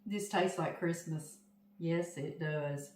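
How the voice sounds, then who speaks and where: Slow-talking older Southern woman in an echoey kitchen. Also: low voice, steady tone, darkish tone. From Louisiana. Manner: chatty, talks straight to viewers as "y'all". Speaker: home cooking vlogger. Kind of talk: casual cooking demonstration. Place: home kitchen. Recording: roomy kitchen echo.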